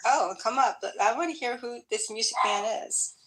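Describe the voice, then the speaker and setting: A woman chatting in a group room in an even-tempered, reflective way. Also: fairly high pitch, moderate pace, over a noisy crowd, low-quality recording. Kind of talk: casual group chat.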